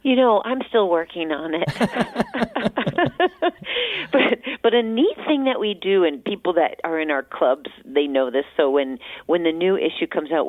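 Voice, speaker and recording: Woman, low voice, from New Hampshire; friendly radio guest on a phone line. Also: no echo. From central New Hampshire. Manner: friendly, frequent soft laughs and fillers. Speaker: almanac editor, guest. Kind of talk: radio interview conversation.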